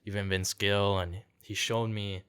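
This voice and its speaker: A man's voice: lowish voice, little pitch movement, measured pace, a bit bright, clear, resonant tone. A young man from Canada telling a story in casual podcast chat, laid-back, peppering his talk with "like" and "dude" and acting out quotes. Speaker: podcast guest, singer-songwriter.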